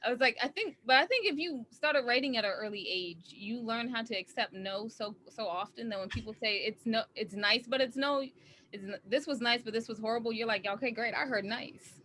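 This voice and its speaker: An upbeat, encouraging woman chats on a video call. Her voice is high, bright and animated, with faint hiss behind it. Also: fairly quick. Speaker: panelist. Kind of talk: casual panel chat.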